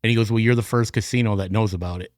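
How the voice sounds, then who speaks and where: A man, a concert promoter, chatting as a guest on a bar podcast and telling animated stories that act out his phone calls. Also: on the low side, racing, no echo, clean studio sound. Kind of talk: casual bar podcast chat. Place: podcast studio.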